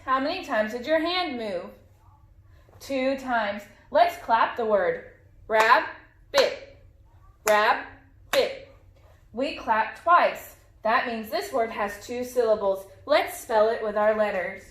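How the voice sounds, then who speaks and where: A woman's voice: a little high, unhurried, reverberant, background noise. A woman teaching a phonics lesson to young children, patiently modeling sounds and words.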